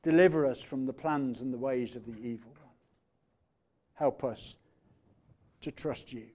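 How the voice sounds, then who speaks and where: A pastor delivers a sermon in a mid-range voice, speaking in a measured way and letting his phrase endings fall quiet. He becomes animated when retelling a story.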